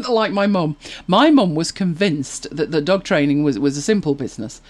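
Lively chatty woman host. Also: sits low, normal speed, no echo. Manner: chatty, anecdotal, laughs often. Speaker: podcast host. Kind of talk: casual chat reading viewer comments.

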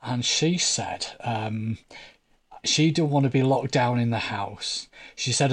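A man's voice: medium pitch, slow. A man co-hosting a casual chat, adding short, dry comments and telling anecdotes. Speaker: co-host.

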